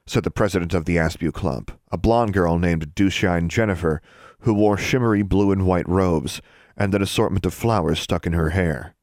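A man narrating a children's fantasy book aloud, expressive and switching into character voices. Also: deep voice, normal speed, no echo, studio quality. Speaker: audiobook narrator. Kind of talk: storybook narration.

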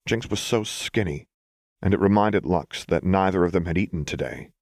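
A man with a very deep voice reads a story aloud in calm, measured narration. The recording is dry and close, with no room sound at all. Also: no room sound. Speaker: audiobook reader. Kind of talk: scripted narration.

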